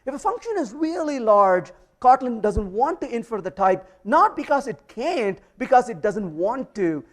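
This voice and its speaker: Casting: male tech speaker, very lively pitch, emphatic and playful, live coding demo. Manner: energetic, emphatic, playful asides. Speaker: conference speaker teaching programming. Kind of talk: live technical presentation with code demo.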